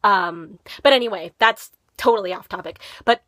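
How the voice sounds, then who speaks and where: A teenage girl with only a faint trace of a Minnesotan accent, rambling through a casual vlog with lots of ums and restarts. Her voice is bright and ringing, and the sound is close and dry with no room around it. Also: medium pitch, moderate pace, no room sound. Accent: slight Minnesotan. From Minnesota, USA. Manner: rambling, filler-heavy, chatty. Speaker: vlogger. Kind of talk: casual talking-to-camera vlog.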